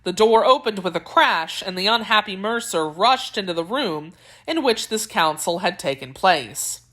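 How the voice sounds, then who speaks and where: A woman narrating a classic novel at a measured, even pace. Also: medium pitch. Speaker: audiobook narrator.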